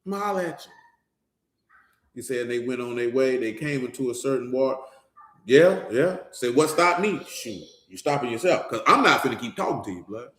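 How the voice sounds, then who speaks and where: A man's voice: medium pitch, a little fast, fairly bright tone. A man giving an informal Bible teaching in a conversational, slangy way, speaking straight to his listeners. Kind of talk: informal sermon. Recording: roomy echo.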